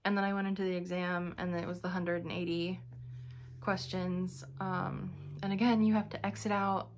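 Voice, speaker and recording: A woman's voice: fairly low pitch, level tone, moderate pace, slight background noise. A young woman giving a casual vlog update, telling a story in a chatty, exasperated way with sighs and fillers. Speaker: vlogger.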